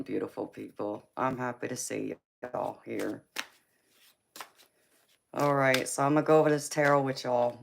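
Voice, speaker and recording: A woman with a Southern US accent giving a casual live-stream tarot reading, greeting viewers with endearments and rambling with frequent fillers. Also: extremely low pitch. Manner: affectionate, greets viewers with endearments like baby and honey; chatty and rambling, with frequent ums and you-knows.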